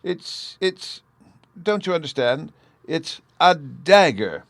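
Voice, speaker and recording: A man's voice: on the high side, big pitch swings, takes it slowly, creaky, no echo, voice pushed up, heavily acted. A man reading an audiobook, voicing a flustered, timid noblewoman who stammers and pleads. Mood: pleading.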